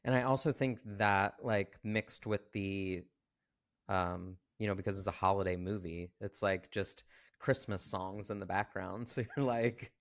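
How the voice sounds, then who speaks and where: A young man co-hosting a podcast, chatting casually about a movie and pausing with ums as he talks. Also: sits low. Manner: hesitant, many ums and throat clearing. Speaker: podcast co-host.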